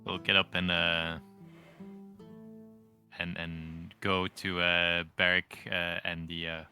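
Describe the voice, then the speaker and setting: Very deep gravelly man playing a game. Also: little pitch movement, pushed and bright, faint music behind. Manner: halting, repeating words. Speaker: player.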